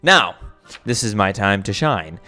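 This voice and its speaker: A man's voice: lowish voice, lively intonation, unhurried, sharp tone. A man giving casual commentary over his own gameplay, thinking aloud with many restarts and fillers. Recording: faint background music.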